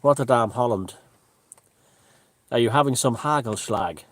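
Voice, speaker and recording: A man hosting a casual live stream from a room at home, greeting viewers and chatting in a relaxed way. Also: mid-range voice, measured pace. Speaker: livestream host. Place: room at home with the window open.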